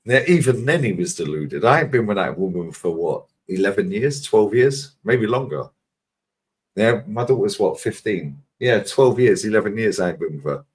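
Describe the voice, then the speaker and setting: A man's voice: fairly low pitch, lively intonation, moderate pace. A man co-hosting a live stream, telling stories in a rambling, slangy way and checking in with his listener. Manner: rambling, slangy storytelling that keeps checking in with "yeah?". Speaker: stream co-host. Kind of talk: casual chat on a live stream.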